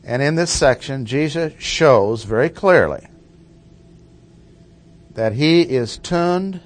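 A man gives an expository Bible teaching at an unhurried pace. He lands his points deliberately and repeats key phrases for emphasis. His voice sits in an ordinary middle register. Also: mid-range voice, expressive. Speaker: preacher.

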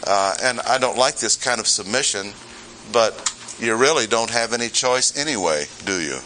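A man's voice: mid-range voice, animated, moderate pace, bright, forceful tone, slight background noise, rough recording. A man preaching an expository sermon in a conversational way, with rhetorical questions and humorous asides.

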